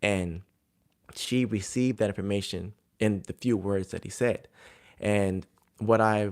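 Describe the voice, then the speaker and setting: A man's voice: fairly low pitch, darkish tone. A man who coaches athletes, giving advice to other coaches in a casual, conversational way, with plenty of fillers as he tells stories. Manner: conversational, filler-heavy storytelling. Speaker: jump coach.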